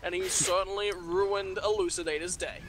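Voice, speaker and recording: A man doing energetic esports commentary and analysis, with playful hype calls. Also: high-pitched, normal speed, a little hiss or hum.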